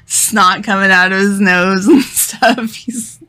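Young woman podcaster, bright forceful voice, casual animated retelling, lots of "like" fillers. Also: mid-range voice, slow pace. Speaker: podcast co-host. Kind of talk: casual chat recapping a manga.

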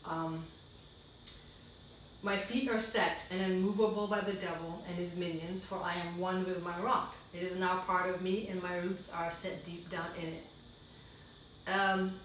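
A woman's voice: fairly low pitch, level tone, measured pace, a bit bright. Earnest woman in a very echoey room. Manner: earnest and heartfelt, breaking into asides. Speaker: guest. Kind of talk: reading her own reflective writing aloud. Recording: very echoey room, far from the mic, faint noise.

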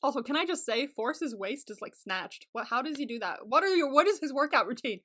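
A young woman co-hosting a podcast in casual chat, excitable and giggly, swearing freely. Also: sits high, fairly quick. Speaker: podcast co-host.

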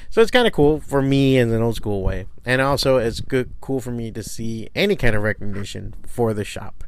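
A man's voice: medium pitch, brisk, hardly any pauses, darkish tone, clean tone, no room sound. A middle-aged man hosting his own podcast from his studio, rambling casually and swearing freely with self-deprecating humor. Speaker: podcast host, comic shop owner. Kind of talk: casual solo podcast talk.

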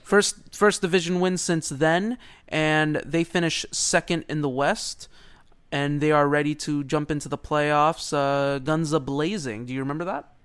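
A man co-hosting a casual sports podcast, excitable and rambling, laughing often. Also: fairly high pitch, measured pace, clean tone. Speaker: podcast co-host.

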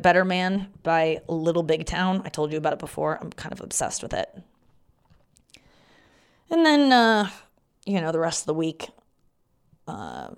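A woman in her thirties with a slightly low voice rambles through a personal story on her own podcast. She talks loosely and candidly, swears freely, and jumps into the voices of the people in her story. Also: vocal fry. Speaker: comedian podcast host. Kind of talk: casual storytelling monologue.

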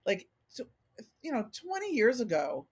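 Speaking a little slowly in a slightly rough, somewhat high voice, a middle-aged organizational consultant appears as a podcast guest. The interview is casual, and she's candid and animated, voicing the remarks people make to her.

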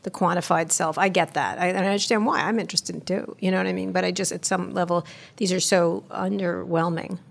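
A woman's voice: on the low side, fairly even intonation, a little fast, vocal fry. A woman co-hosting a tech podcast, talking bluntly and opinionated with jokes. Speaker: podcast co-host. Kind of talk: casual tech podcast chat.

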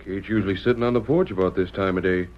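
An actor playing a blunt rural western sheriff with drawling country speech, in an old radio drama. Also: male voice, low-pitched, fairly even intonation, fast, natural voice. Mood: urgent. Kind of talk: 1930s radio drama acting. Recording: muffled old radio recording.

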